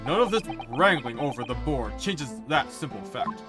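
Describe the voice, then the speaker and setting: A man's voice: medium pitch, expressive, normal speed, natural voice. A man voicing a cold, haughty male prosecutor pressing witnesses. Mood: imperious. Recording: game music behind.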